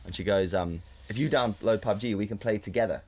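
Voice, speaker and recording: On a condenser studio mic, a podcast co-host with a fairly low voice tells a story in casual chat, speaking a little fast. He's animated, swears often and raises his voice to mimic his partner.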